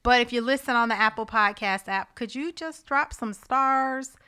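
Bright, clear-voiced woman podcast host. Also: on the high side, normal speed. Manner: upbeat, chatty, pleading with listeners. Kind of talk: casual podcast chat.

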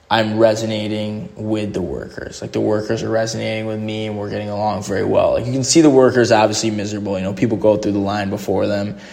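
With a creaky, fairly low voice, a young solo podcaster rambles through a motivational talk. He leans heavily on the filler "like" and keeps starting sentences over.

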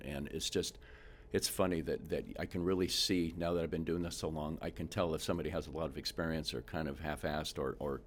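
A man who works as a home inspector, telling animated stories in a casual interview and acting out the people he quotes. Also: deep voice, slight background noise. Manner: animated storyteller, acts out quotes, frequent restarts.

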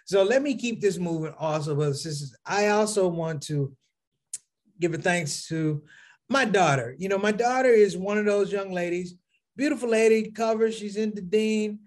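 Brief: middle-aged male comic, high voice, animated storyteller who acts out characters. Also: moderate pace. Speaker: comedian. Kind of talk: stand-up comedy.

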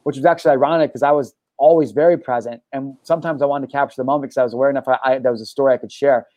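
A young adult man hosting a podcast, telling stories in an excitable, profane, casual way, full of bro and dude. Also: mid-range voice, racing, no echo. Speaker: podcast host. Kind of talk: casual chat.

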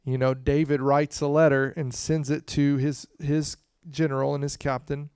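A man preaching a conversational sermon to a congregation, swinging between hushed and loud passages, with frequent "you know" asides. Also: a little high, flat delivery, moderate pace, clean tone, dry recording, clean studio sound. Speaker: pastor.

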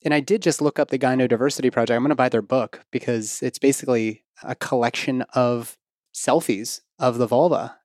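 Very low-voiced woman host with dry quips. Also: steady tone, brisk, darkish tone, dry recording. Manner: dry quips, laughs along. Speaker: podcast host. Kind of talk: casual interview talk.

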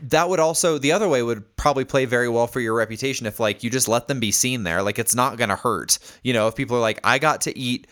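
A man co-hosting a podcast in casual chat, telling stories animatedly with bursts of excited exclamation. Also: medium pitch, quick pace, few pauses. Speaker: podcast co-host.

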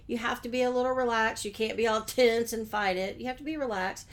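On her solo business show, the host chats with listeners in a friendly way, throwing out rhetorical questions. Her voice runs high, her intonation fairly even, and her delivery brisk.

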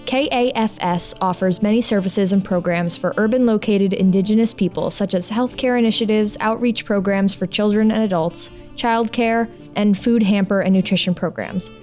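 Woman, podcast host, scripted outro, medium pitch, faint background music. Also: normal speed, few pauses, a little mellow.

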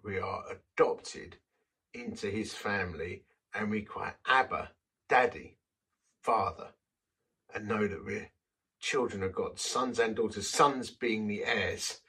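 Husky man preaching from a distance. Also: fairly low pitch, a bit bright. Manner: conversational, self-deprecating storytelling. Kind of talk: sermon with personal testimony.

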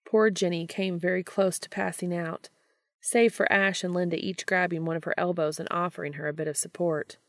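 A woman reading fan fiction aloud in a steady, low-key storytelling manner. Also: a little fast, dry recording, clean studio sound. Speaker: podcast reader.

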